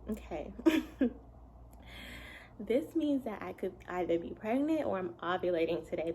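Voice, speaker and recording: A woman's voice: medium pitch, slight background noise, rough recording. Chatty young woman telling a story. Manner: chatty, animated retelling with frequent laughs. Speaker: vlogger and mother. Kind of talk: casual storytime.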